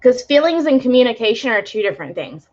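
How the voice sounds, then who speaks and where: A young woman with a fairly high voice runs a live tarot reading, chatting loosely and filling her talk with "like". Her sound is dull and lo-fi, as from a home live stream. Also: sing-song, fast talker, a little mellow. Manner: chatty, many fillers, spiritual talk. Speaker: tarot reader.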